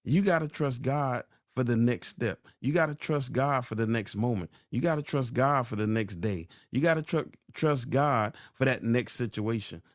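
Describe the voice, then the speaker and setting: A man hosting a podcast, giving a sermon-like motivational talk, slowing down and repeating key lines for emphasis. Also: medium pitch, no room sound, studio quality. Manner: slow, drawn-out emphasis. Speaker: podcast host.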